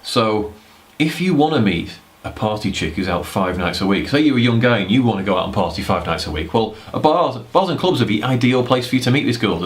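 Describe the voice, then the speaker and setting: Man, deep low voice, rambling, blunt, casual swearing, young adult. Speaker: dating advice vlogger. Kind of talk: casual talking-head advice.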